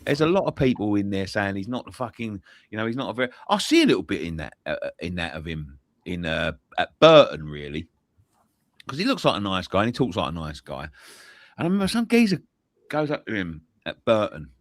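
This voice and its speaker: A man, swearing a lot as he tells animated stories in a casual post-match football chat. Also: on the low side, brisk, no room sound. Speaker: football fan pundit.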